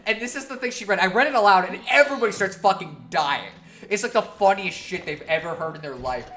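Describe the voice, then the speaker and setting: A woman's voice: medium pitch, expressive, quick pace, a bit bright. A woman streamer telling a long story in a casual, profane, laughing way.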